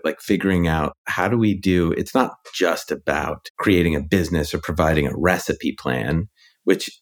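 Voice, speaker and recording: A man who is a guest on a podcast, talking in a relaxed, reflective way and laughing easily as he tells stories. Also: low-pitched. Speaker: guest, ghostwriter and author. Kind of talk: casual interview conversation.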